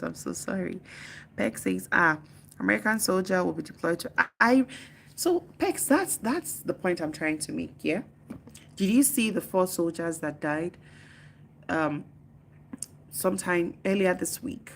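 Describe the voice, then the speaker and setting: A woman's voice: on the low side, vocal fry, a little hiss or hum. A Nigerian woman in her living room, chatting casually on a phone live stream, teasing viewers and answering their comments aloud. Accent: Nigerian English.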